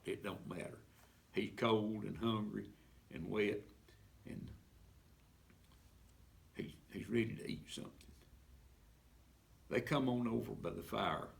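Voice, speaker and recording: A man's voice: lowish voice, gravelly. A man telling a folksy story with sound effects at a library event.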